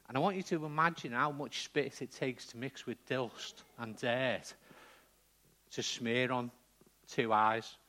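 A man preaching a sermon with a middle-pitched voice. He talks in a relaxed, conversational way, and keeps checking in with the congregation. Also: a little slow.

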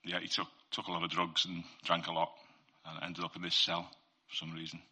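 A man's voice: sits low, completely flat delivery, fairly quick, bright, forceful tone, slightly rough. A man giving an informal Christian faith talk. He speaks earnestly and conversationally, sharing testimony and addressing listeners directly.

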